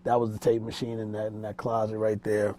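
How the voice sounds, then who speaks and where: Man, low mellow voice, music producer, casual interview, loose rambling talk, street slang, small studio room. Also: monotone, brisk, slight background noise. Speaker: music producer and mix engineer.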